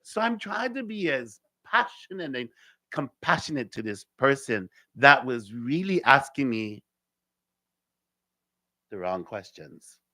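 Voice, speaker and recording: Man from Hawaii, teacher at a spiritual gathering, animated delivery, repeats his key words, dry close recording. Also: medium pitch, slow, no room sound. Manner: lively, repeats key phrases, acts out dialogue. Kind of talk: spiritual talk with storytelling.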